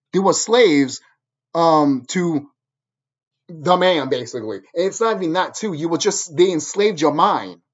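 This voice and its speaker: A man's voice: a little high, husky, dull audio. A man vlogging in an angry, profane monologue, repeating phrases over and over as he drives his point home. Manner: angry, repetitive, hammering the same phrases.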